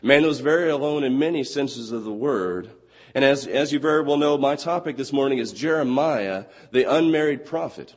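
Young male preacher with a hoarse, lost voice; earnest, slow on scripture, in a reverberant hall. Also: mid-range voice, expressive. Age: 20s. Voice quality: husky. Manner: earnest, quotes scripture slowly and deliberately. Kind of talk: sermon.

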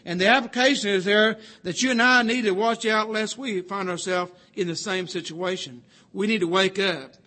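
Guy preaching, really high voice, bright and sharp, leans hard on repeated lines. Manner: earnest, repeats key phrases with slow emphasis. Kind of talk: sermon.

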